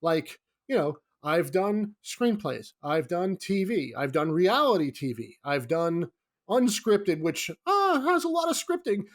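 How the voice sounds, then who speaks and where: A middle-aged man, a screenwriter guest, telling a comic anecdote in a lively, animated way. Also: high voice, unhurried. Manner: lively, comic storytelling with acted-out quotes.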